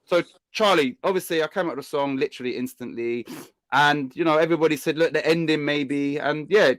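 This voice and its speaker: A man's voice: on the high side, brisk, a bit bright, no room sound. A man hosting a casual livestream, teasing and bossing his guest with lots of fillers. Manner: teasing, bossy banter with frequent fillers. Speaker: channel host.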